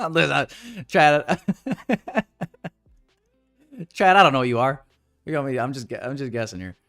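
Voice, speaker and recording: A man's voice: mid-range voice, animated, normal speed, fairly bright tone, soft background music. Joking, profane day-trading streamer man. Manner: joking, profane banter with chat. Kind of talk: casual live-stream chat while trading.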